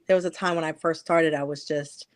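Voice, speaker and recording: A woman's voice: low-pitched, fairly even intonation, a little fast, no room sound. A woman in her forties hosting a talk, telling a personal story in an earnest, reflective way with many restarts. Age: 40s. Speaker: host. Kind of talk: heartfelt conversational storytelling.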